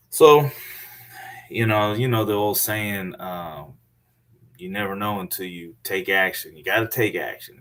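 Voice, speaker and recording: A man with a very deep, low voice talks through his story in a loose, casual way. He stops and restarts often and leans on plenty of fillers as he goes. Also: slight background noise. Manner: halting, many fillers and restarts. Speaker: scam victim telling his story.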